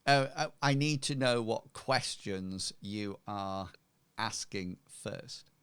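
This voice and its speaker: Male game master, slow and gravelly, dry close sound. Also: on the low side, fairly bright tone, no echo. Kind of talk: narrating a tabletop game.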